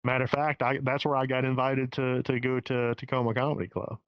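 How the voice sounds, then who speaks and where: A man's voice: medium pitch, flat delivery, brisk, dry recording, poor audio. A man with a Southern US accent talking as a stand-up comedian guest in a casual podcast interview, candid and profane, often restarting his sentences. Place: home in the Pacific Northwest.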